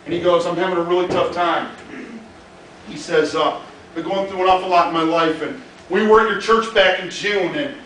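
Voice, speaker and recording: A man's voice: high-pitched, fairly quick, a bit bright, distant mic, a little hiss or hum. A Midwestern American man, a pastor, telling a funny story in a sermon with lots of laughter. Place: church hall in a mall. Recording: very echoey hall from afar.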